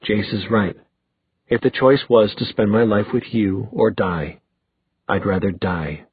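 A man voicing a defiant young woman who speaks quietly and firmly. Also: lowish voice, measured pace, breathy edge, no room sound. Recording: dry tinny phone-like sound.

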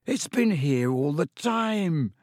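A man reading aloud and voicing an excitable boy wizard named Ron, with a raised, drawn-out delivery. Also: mid-range voice, no room sound, clean studio sound. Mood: delighted.

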